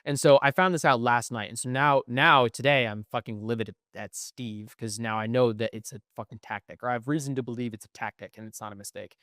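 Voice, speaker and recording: A young man in casual podcast chat, telling a story with plenty of swearing and animation. His voice comes through smooth and resonant. The room sounds dead and dry around him. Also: medium pitch, a little fast, few pauses, a bit bright, no echo. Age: young adult. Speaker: podcast co-host.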